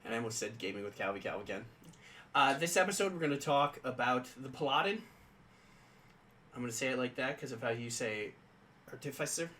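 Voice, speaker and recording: A man's voice: medium pitch, fast talker, pushed and bright, a little hiss or hum, low-quality recording. A man co-hosting a casual tabletop game podcast, reading rules aloud and chatting with many fillers. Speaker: podcast co-host.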